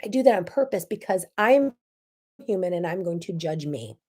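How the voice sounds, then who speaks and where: A woman hosting a faith talk show, preaching to camera in a fiery, candid way that swings between loud outbursts and hushed asides. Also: on the low side, animated, normal speed, husky. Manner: candid and self-deprecating.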